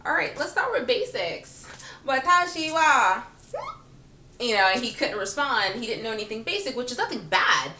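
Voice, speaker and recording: Bright-voiced woman telling a funny story, super animated, mic kinda far off in an echoey room. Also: a little high, fairly quick, few pauses, a little hiss or hum. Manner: animated, sassy, laughs often, acts out quotes. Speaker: vlogger. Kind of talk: casual comic storytelling.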